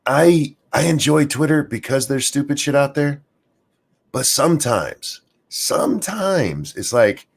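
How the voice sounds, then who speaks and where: A man hosts a casual rant stream, still in his morning voice, sarcastic and crude as he rambles with many fillers. His mid-range voice is slow, creaky and sing-song.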